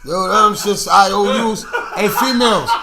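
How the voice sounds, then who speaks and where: A man co-hosting a casual livestream chat, telling stories loudly with lots of swearing. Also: high voice, moderate pace, vocal fry, heavy background noise. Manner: loud, profane, animated storytelling. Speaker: podcast co-host.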